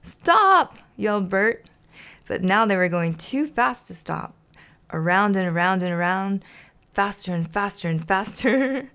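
A woman's voice: medium pitch, measured pace, fairly bright tone. A woman hosting a casual podcast, chatting and reading a children's storybook aloud, laughing often. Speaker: podcast host.

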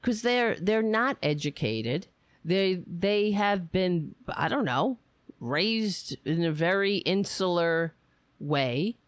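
A woman delivers ranting political commentary, blunt and quick to swear. Her voice sits low but swings widely in pitch. She talks slowly into a dry, close mic. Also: animated, no room sound. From Staten Island, New York. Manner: blunt, indignant, swears freely.

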